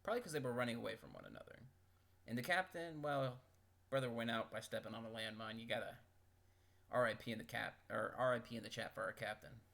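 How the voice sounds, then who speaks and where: Man, gravelly, mid-pitched, casual joking commentary, close mic. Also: fast, a bit bright. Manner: wry, joking asides between read-out events. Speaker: video host reading a game simulator.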